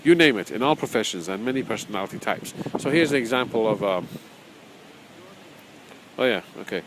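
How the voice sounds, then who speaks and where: Against a noisy background, a man with a fairly low, expressive voice teaches briskly in an informal spoken course on spiritual matters. He chats, repeats phrases, often chuckles, and sometimes reads aloud from his own book.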